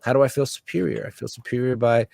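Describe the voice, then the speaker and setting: A man's voice: mid-range voice, quick pace, creaky, dry recording, clean studio sound. A man from the United States, an interview guest, talking casually and with passion, swearing freely and acting out other people's voices. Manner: animated, profane, acts out voices of others. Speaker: guest, writer and musician. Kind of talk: casual impassioned interview talk.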